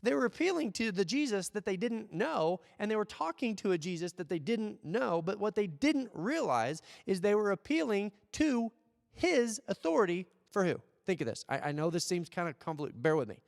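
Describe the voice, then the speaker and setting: At a church service, an American man preaches in a high, expressive, gravelly voice at a moderate pace. His conversational sermon is full of rhetorical questions and acted-out asides, recorded dry with long hall reverb.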